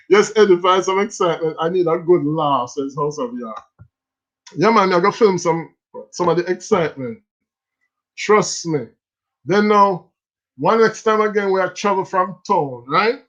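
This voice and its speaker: A man's voice: high-pitched, unhurried, long pauses, a bit bright. A Jamaican man hosting a casual stream, telling stories in patois and laughing often. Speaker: livestream host. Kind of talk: casual storytelling. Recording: slightly dull lo-fi sound.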